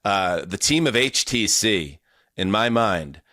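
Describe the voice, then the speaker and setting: A man's voice: fairly low pitch, lively intonation, slow pace, pushed and bright, no echo, studio quality. A man hosting a casual sports podcast, rambling and enthusiastic, often restarting his sentences. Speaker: podcast host.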